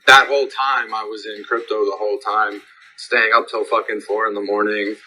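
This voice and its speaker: A man speaking as a guest in a casual voice chat, halting and filling his pauses with "uh" and "you know". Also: lowish voice, level tone, bright, forceful tone, a little hiss or hum, low-quality recording. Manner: hesitant, many fillers and restarts.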